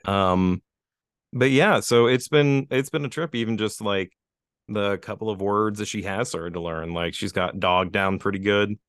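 A man's voice: on the low side, steady tone, unhurried, fairly bright tone, no echo, studio quality. A young adult man, a guest on a podcast, chatting casually about his toddler with lots of "like". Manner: rambling, heavy use of "like". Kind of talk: casual chat.

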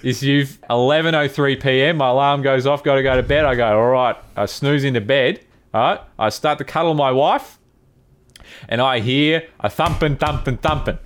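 A man's voice: mid-range voice, normal speed, smooth, natural voice. A man playing a grumpy male neighbour with a grievance, telling his complaint bluntly in improvised comedy role-play. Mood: aggrieved. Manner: blunt, aggrieved storytelling.

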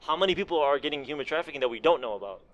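A man's voice: on the high side, lively intonation, racing, fairly bright tone. A man co-hosting a casual podcast, rambling and swearing, laughing often. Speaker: podcast co-host.

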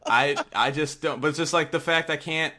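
Bright-voiced profane podcast co-host man. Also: a little high, moderate pace, slight background noise. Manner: profane, sarcastic, animated rants. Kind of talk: casual podcast chat.

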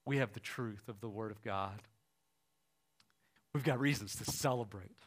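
A man preaching, retelling an anecdote with quoted dialogue and ending with a quiet, soft appeal. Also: fairly low pitch, normal speed. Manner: retells a story with lively quoted voices, quiet and soft at the close. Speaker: pastor. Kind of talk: sermon storytelling.

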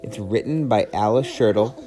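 A young man, a parent, reading a picture book aloud to his child in an animated, sing-song way and asking her questions. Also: on the low side, normal speed. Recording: music playing underneath. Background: music.

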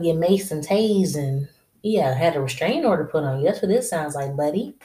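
A woman's voice: low voice, lively intonation, normal speed, mellow. A woman hosting a casual solo podcast, giving blunt, straight-talking advice to women in a drawling, slangy way and laughing to herself. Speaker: podcast host.

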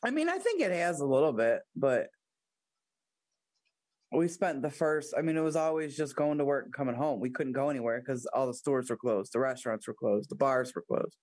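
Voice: medium pitch, animated, fairly quick, darkish tone, dry recording, studio quality. An adult co-host talking frankly in casual chat, telling stories with quoted asides.

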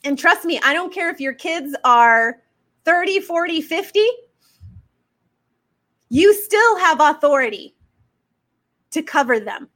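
A faith-based business coach, a woman, delivers an emphatic, sermon-like motivational talk packed with fiery rhetorical questions. Her high voice is expressive and fairly bright, and she speaks slowly with long pauses.

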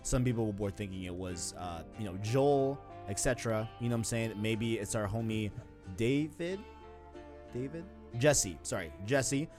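A man's voice: on the low side, animated, normal speed, over music. A man co-hosting a casual gaming talk show, loose and slangy, often tagging on "you know what I'm saying". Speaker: podcast co-host.

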